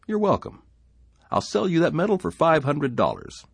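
A man's voice: fairly high pitch, huge pitch swings, moderate pace, vocal fry, husky, no room sound, clean studio sound, pitched above the performer's own voice, heavily acted. A man voicing an easygoing townsman who speaks in a casual, amused drawl.

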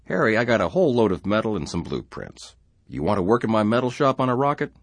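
A man's voice: fairly low pitch, very animated, quick pace, no room sound, pitched above the performer's own voice. A man voicing an easygoing townsman who speaks in a casual, amused drawl.

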